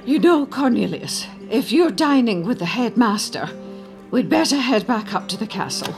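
A woman playing a stern, sharp-tongued professor. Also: on the high side, expressive, normal speed, faint music behind. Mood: brisk.

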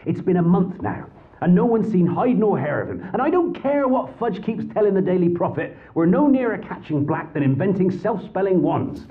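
A man's voice: high-pitched, very animated, normal speed. A man reading a story, voicing an earnest, worried middle-aged father who speaks urgently. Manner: urgent, insistent. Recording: tinny phone-like sound.

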